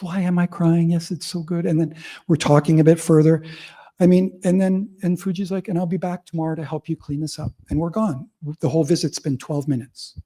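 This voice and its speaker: A man speaking to a live audience at a public lecture, with a somewhat husky tone. He tells stories in a loose, conversational manner, peppered with casual fillers. He keeps turning to the audience with questions. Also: a little high, warm tone. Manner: conversational, heavy use of fillers like "like" and "you know"; vivid storyteller, audience-engaging. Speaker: academic speaker. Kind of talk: public lecture with personal anecdotes.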